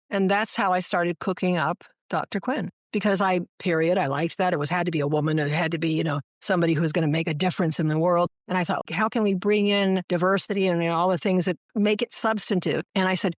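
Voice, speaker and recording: A woman's voice: lowish voice, quick pace, few pauses, dry recording. A woman showrunner, a guest on an interview podcast, telling stories and acting out quoted dialogue. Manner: animated, acts out quoted dialogue in her anecdotes. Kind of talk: conversational storytelling interview.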